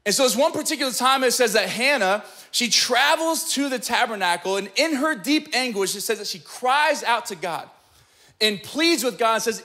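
A male pastor preaches in a high, bright voice, emphatic and conversational. He often checks in with the listeners as he explains scripture, and his delivery keeps a forceful edge. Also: lively intonation, moderate pace. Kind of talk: sermon.

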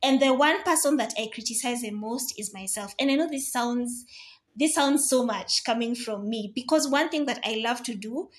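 Lively high-voiced woman. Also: normal speed. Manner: chatty and animated, mimics voices, mixes in Swahili words. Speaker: podcast host. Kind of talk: casual solo podcast monologue.

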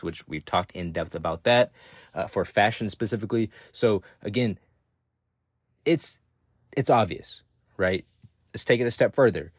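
A man's voice: lowish voice, darkish tone, no echo, clean studio sound. A young man hosting a solo podcast, talking loosely and rambling, swearing often and checking in with "right?" after every point. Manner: loose, profane, repeats "again" and "right?". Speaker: podcast host. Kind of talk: casual solo podcast talk.

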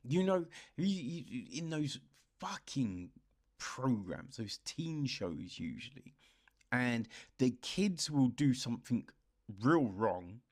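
Sweary man ranting, animated and slow. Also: mid-range voice. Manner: exasperated, sweary, heavy fillers. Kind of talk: casual rant review.

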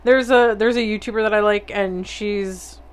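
A woman's voice: medium pitch, steady tone, moderate pace, clean tone. Playful laughing woman co-host. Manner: playful, laughs a lot, swears casually. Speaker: podcast co-host. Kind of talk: casual podcast chat.

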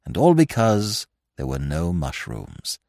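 A man doing a suave, long-winded gentleman. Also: sits low, wildly swooping pitch, slow pace, no echo, clean studio sound, voice pushed down, full character voice. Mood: mock-solemn. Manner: ornate, grave and mock-sincere. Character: suave, verbose young gentleman, mock-solemn.

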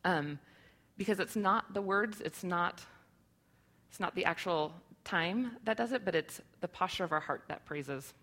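A woman's voice: on the low side, unhurried, a bit bright. A woman in her thirties giving a sermon to her church, earnest and conversational, with many rhetorical questions. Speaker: church speaker.

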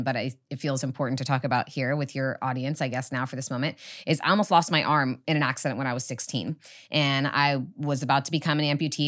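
Low-voiced woman telling her story earnestly. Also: fairly bright tone. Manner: earnest, reflective, meandering phrasing. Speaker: guest, witch school headmistress. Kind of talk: personal storytelling in a podcast chat.

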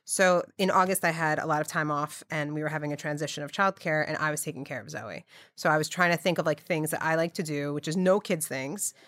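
A woman, a guest DJ telling a lively story in casual chat. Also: fast talker, no echo, clean studio sound. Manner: animated, acts out quotes with big pitch jumps.

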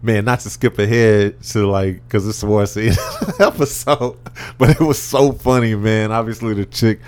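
Excitable dude on a podcast, laughing a lot, says bro constantly. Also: male voice, lowish voice, normal speed, clear, resonant tone. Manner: animated, laughing, slangy storytelling. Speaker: podcast co-host. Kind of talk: casual chat.

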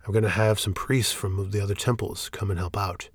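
A man voicing a guarded defensive priest, husky low tone, dry sound. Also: steady tone, fairly quick, no echo. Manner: guarded, evasive, then shouting. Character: defensive, evasive male temple priest.

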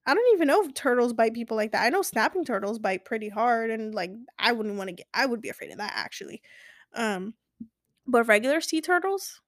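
A young woman with a fairly high voice tells a casual vlog story, rambling and restarting with plenty of "like" fillers. She gushes with enthusiasm, and the recording is close and dry with no room sound. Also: expressive, fairly quick, dry recording. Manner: enthusiastic and gushing.

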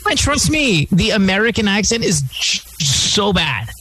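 A man's voice: high voice, measured pace, background noise. A man with a Filipino accent, hosting a podcast and giving opinions in casual chat. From Philippines. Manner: opinionated, animated, mixes in Filipino words. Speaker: podcast host.

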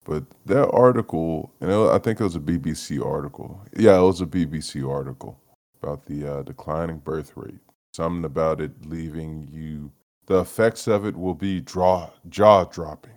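A man hosting a solo podcast, rambling in a low-energy, profane way, trailing off and laughing as he talks. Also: normal speed, darkish tone. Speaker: podcast host. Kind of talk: solo casual rant.

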